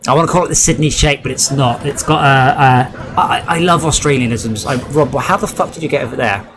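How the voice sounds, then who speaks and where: A man's voice: medium pitch, brisk, few pauses, noisy background. A man with a broad Devon accent, chatting and joking while he streams a game, drifting off onto tangents. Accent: West Country, Devon. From Devon, England. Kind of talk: casual chat while playing a game.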